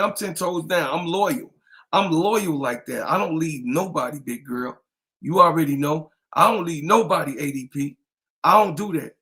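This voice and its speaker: A man co-hosting a sports talk stream, pitched a little higher than most men. He talks casually and hypes the audience, piling up repeated shout-outs and calls to subscribe. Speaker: podcast co-host. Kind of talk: casual livestream chat.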